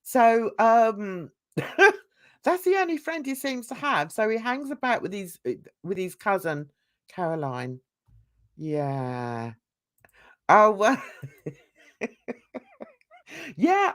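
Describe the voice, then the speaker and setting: Chatty woman, lively and unhurried. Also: mid-range voice. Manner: chatty, gossipy, laughs often. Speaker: commentary channel host. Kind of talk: casual reaction commentary.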